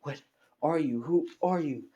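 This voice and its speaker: A man voicing a guarded, suspicious male ninja in a fan story, speaking low and quietly. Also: a little slow, lo-fi sound, lightly acted. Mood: wary.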